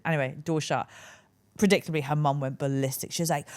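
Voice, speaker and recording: A woman hosting a podcast, chatting casually and telling stories with animated delivery. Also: low voice, brisk. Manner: animated storyteller, acts out voices. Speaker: podcast host. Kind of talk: casual chat.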